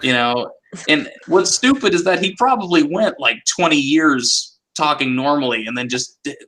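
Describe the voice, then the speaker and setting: A man's voice: fairly high pitch, expressive, normal speed, sharp tone, poor audio. A man chatting as a podcast panelist, telling profane, rambling stories. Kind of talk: casual chat.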